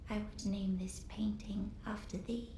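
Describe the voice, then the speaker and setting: A woman voicing a shy, gentle young girl painter in whispered role-play, with soft archaic speech. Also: medium pitch, level tone, a little slow, roomy sound, slight background noise, lightly acted. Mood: gentle wistful.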